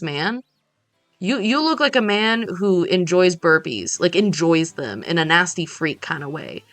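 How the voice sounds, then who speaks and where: Woman streamer, lowish voice, rambling casual chat to viewers, faint game music behind. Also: fairly bright tone. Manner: rambling, jokey, talks to chat.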